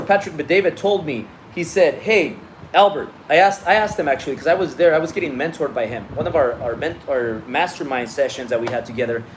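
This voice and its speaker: A man's voice: on the high side, slight background noise. A man giving a blunt, profane motivational talk on a livestream as a business coach, often restarting his sentences.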